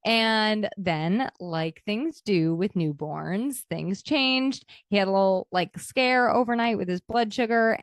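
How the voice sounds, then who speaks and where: A woman's voice: medium pitch, dry recording. Candid woman talking on a podcast, dry sound. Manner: candid, emotional, self-reflective. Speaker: podcast host. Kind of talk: reflective personal podcast talk.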